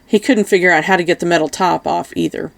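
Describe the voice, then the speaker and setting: Low, gravelly woman reading an audiobook. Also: fairly even intonation, fast. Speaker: audiobook reader. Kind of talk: audiobook narration.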